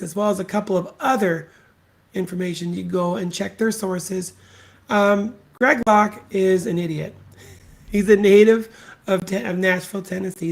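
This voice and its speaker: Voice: medium pitch, vocal fry. A solo podcast host delivering an opinion rant in a mid-range voice. The delivery is blunt and scornful, full of profanity, and leans on repetition to drive each point home. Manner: emphatic repetition.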